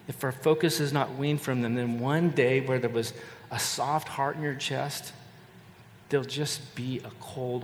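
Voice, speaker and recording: An older man delivers a sermon in an earnest, measured way, often repeating a phrase for weight. His mid-pitched voice rings out in a large hall with a long reverb tail. A faint hum of ambience hangs behind him. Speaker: pastor.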